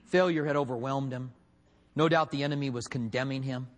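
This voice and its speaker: Storytelling preacher in a reverberant hall. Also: male voice, on the high side, fast talker. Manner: storytelling with acted quotes, swinging between loud and hushed. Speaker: pastor. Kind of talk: sermon.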